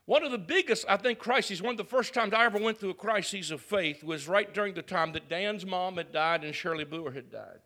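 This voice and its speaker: A man's voice: sits high, brisk, few pauses. A middle-aged man preaching a personal, emotional sermon as pastor, talking openly to his congregation. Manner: confessional, emotional, building to loud preaching.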